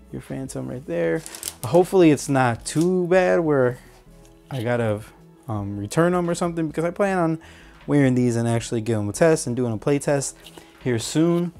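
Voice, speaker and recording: A man's voice: mid-range voice, darkish tone. A man casually reviewing and unboxing football boots, rambling with many fillers and restarts. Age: adult. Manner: rambling, self-correcting, hesitant fillers.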